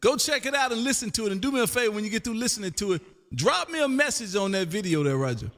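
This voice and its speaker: A man hosting a casual ham radio chat, loud and folksy, calling everyone man. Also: high-pitched, big pitch swings, quick pace, in a large hall. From Texas.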